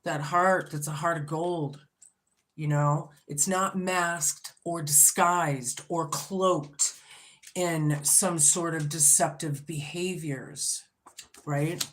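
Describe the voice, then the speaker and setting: Woman, tarot reader, casual vlog, blunt, profane, low voice, faint background hiss. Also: a bit bright. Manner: blunt and profane, swears freely; talks to herself while laying cards.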